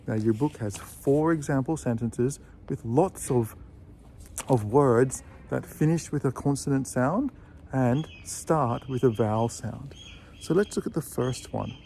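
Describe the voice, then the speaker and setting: A man gives an English pronunciation lesson at a mid pitch, patient and steady. He says example phrases slowly and repeats them. A faint background hiss sits under his voice. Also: creaky. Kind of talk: video lesson. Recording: faint background noise with birdsong.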